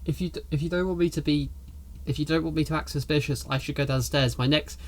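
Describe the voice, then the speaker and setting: A man's voice: on the high side, steady tone, fast talker, natural voice. A man voicing a nervous young male servant in a fantasy tabletop game, stammering and flustered.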